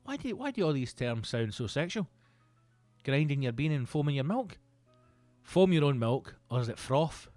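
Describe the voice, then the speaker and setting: A Scottish comedian in his thirties hosting a podcast, rambling through a casual comic monologue that is full of swearing and breaks into loud outbursts. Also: fairly high pitch, moderate pace, soft background music. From Scotland. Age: 30s. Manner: sweary, rambling, animated bursts into loud exclamations.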